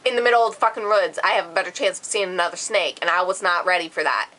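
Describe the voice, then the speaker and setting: A woman vlogger telling a dramatic storytime, animated and swearing freely. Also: on the low side, fast talker, a little hiss or hum, low-quality recording. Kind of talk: storytime vlog.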